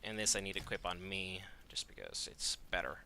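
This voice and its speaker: A man's voice: sits low, sing-song, fairly quick, vocal fry, sharp tone, a little hiss or hum. A man giving casual gameplay commentary as host of a gaming channel, joking and offhand, often talking to himself.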